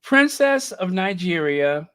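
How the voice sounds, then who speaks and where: Man, channel host, casual live reaction talk, unhurried, higher-pitched, thinks aloud to viewers. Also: sing-song, a bit bright, smooth. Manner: chatty, talks straight to viewers, thinks aloud.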